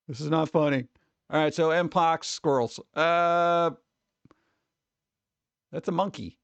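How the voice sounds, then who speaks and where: A man's voice: fairly high pitch, slow pace, vocal fry, long pauses, clear, resonant tone, no echo. A man hosting a casual live stream, rambling and joking as he chats with his viewers on a close desk mic. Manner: rambling, joking, talks to chat. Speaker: streamer host.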